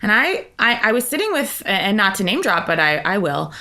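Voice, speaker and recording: A woman co-hosting a podcast, telling gossipy stories in casual chat with lots of "like" and quick asides. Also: mid-range voice, very animated, bright, forceful tone. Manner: gossipy, chatty storytelling full of "like" and asides. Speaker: podcast co-host.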